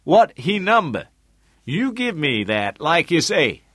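A man's voice: a little high, very animated, takes it slowly, a bit bright, no room sound, clean studio sound, voice pushed up, heavily acted. A man voicing a streetwise male friend who talks in terse broken English. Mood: matter-of-fact. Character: streetwise male friend, agreeable, small-time fixer.

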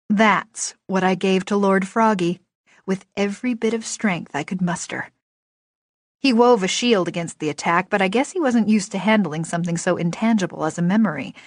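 A woman narrating a first-person novel in a lively, expressive storytelling voice. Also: on the low side, dry recording, clean studio sound. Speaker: audiobook narrator.

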